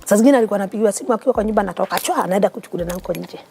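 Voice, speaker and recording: A woman's voice: medium pitch, rapid-fire, creaky, dark tone, soft background music. A woman with a Kenyan accent, a guest in an interview telling her personal story in an earnest, heartfelt way. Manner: mixes English and Swahili, earnest and heartfelt.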